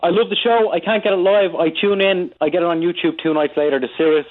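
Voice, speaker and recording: A man's voice: sits high, fairly even intonation, fast talker. A man calling in to a radio show, rambling eagerly. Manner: rambling and eager, full of "you know". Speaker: caller. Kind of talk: phone call to a radio show. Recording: tinny phone line.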